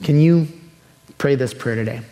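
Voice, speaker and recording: A pastor preaching a sermon in a relaxed, conversational way that turns soft and earnest. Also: male voice, medium pitch, moderate pace. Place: church sanctuary. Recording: long hall reverb.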